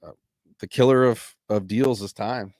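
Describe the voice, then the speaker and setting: A man's voice: on the low side, measured pace, a little mellow, no room sound, studio quality. A man co-hosting a podcast in casual sports chat, laid-back and matter-of-fact, swearing now and then. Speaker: podcast co-host.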